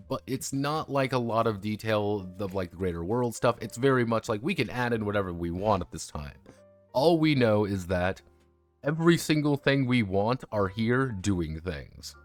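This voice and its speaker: A man streaming a casual review of a tabletop game, rambling and swearing freely. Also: mid-range voice. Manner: rambling, profane, many fillers and restarts. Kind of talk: casual chat.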